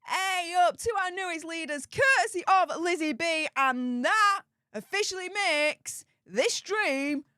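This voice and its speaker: A woman's voice: very high-pitched, expressive, a little slow, bright, forceful tone, dry recording, clean studio sound. A woman hosting a live stream, reading out super chats and thanking viewers over and over in a bubbly way. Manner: bubbly, repeats thanks many times.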